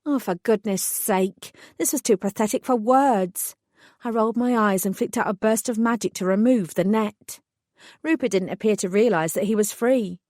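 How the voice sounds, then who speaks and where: A woman's voice: mid-range voice, normal speed, darkish tone, dry recording. A woman narrating a first-person fantasy audiobook in a dry, composed way.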